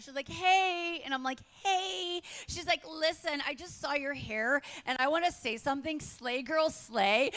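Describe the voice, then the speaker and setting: A middle-aged woman doing stand-up comedy, telling stories with animated acted-out quotes. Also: sits high. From United States.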